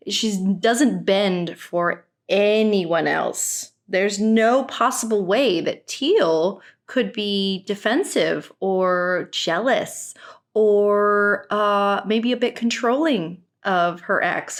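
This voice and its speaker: A young woman giving casual reaction commentary in an exasperated, sarcastic and outspoken way, swearing now and then. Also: mid-range voice. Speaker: reaction vlogger.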